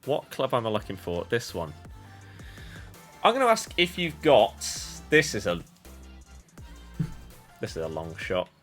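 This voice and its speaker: A man's voice: fairly low pitch, huge pitch swings, a little slow, pauses often, a bit bright. A man playing as a guest in a gaming video, thinking aloud in a muddled, self-questioning way. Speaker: guest player. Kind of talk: casual gaming chat. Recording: music playing faintly behind.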